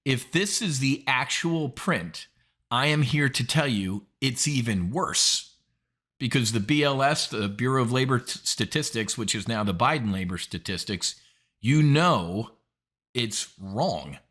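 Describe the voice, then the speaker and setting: A man's voice: medium pitch, normal speed, pushed and bright. A man hosting an options trading show, giving blunt, indignant market commentary with emphatic outbursts.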